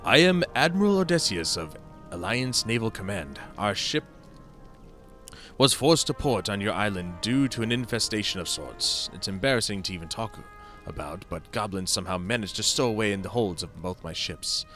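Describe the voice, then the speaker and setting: A man voicing a stern male naval admiral in a formal, measured way as he reads game dialogue aloud. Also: lowish voice, expressive, fairly bright tone, soft background music.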